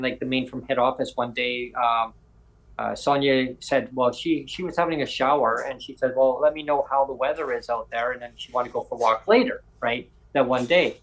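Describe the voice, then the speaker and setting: A man hosts a casual podcast chat and tells a story at length. He slips into other people's voices as he quotes them. His voice sits at an ordinary middle pitch. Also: fairly bright tone, low-quality recording. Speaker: podcast host.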